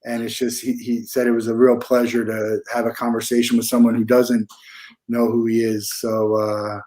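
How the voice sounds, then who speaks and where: A man hosting a casual interview over a video call, chatting in a relaxed way and repeating his questions. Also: mid-range voice, moderate pace. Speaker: host.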